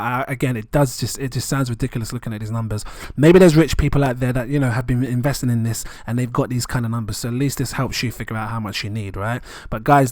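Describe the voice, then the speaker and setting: Excitable man vlogging. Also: mid-range voice, no echo, studio quality. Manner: excitable, rambling, chuckles often. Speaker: crypto vlogger. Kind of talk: casual vlog commentary.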